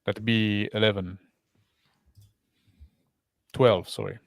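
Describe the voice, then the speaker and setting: A man playing a tabletop game in character, steady and matter-of-fact. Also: on the low side, slow pace, no echo. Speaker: player.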